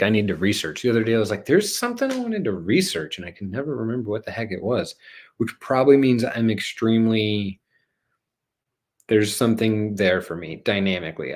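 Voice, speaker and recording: Male host, slightly low voice, loose playful delivery, jokey, rambles, some swearing. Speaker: host of a spiritual channel show. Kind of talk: casual rambling livestream monologue.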